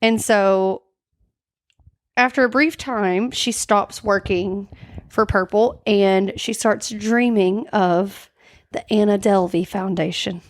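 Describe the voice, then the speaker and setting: A woman co-hosts a podcast and recounts a story in loose, casual chat. Her voice sits at an ordinary middle pitch. She fills her talk with "like" and briefly acts out the quoted lines. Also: fairly even intonation, slow. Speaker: podcast co-host. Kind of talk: casual true-crime chat.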